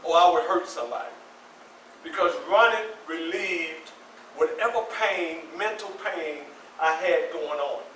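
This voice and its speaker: A man in his sixties telling a personal story live to an audience, animated and acting out scenes. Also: a little high, measured pace, a little hiss or hum. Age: 60s. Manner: animated, acts out scenes with voices and shouts. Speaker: featured storyteller. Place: community center hall. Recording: echoey room from a far mic, faint ambience.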